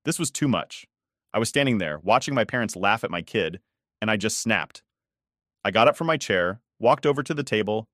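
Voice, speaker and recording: A man's voice: on the low side, a bit bright, no echo, studio quality. A man narrating a first-person story in a casual, conversational way, swearing often.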